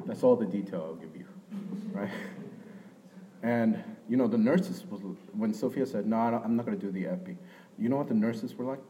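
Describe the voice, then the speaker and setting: A young man preaching a sermon in a conversational way, rising to loud emphasis and dropping to hushed asides, with a habit of asking "right?". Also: medium pitch, slight background noise, low-quality recording. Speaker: pastor.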